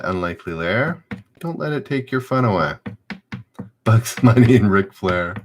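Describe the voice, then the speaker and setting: A man's voice: on the low side, a bit bright, slight background noise. A man hosting a live-streamed trivia game, reading questions aloud and chatting loosely with viewers.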